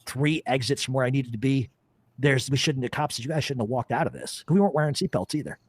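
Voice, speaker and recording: A man's voice: mid-range voice, fast, no room sound. Profane storytelling man, dry close sound. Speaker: podcast host. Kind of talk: casual storytelling chat.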